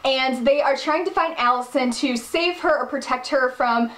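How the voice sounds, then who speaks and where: High-pitched woman vlogger doing a fired-up, exasperated TV recap in an echoey room. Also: normal speed. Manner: animated, exasperated, emphatic. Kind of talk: casual episode recap.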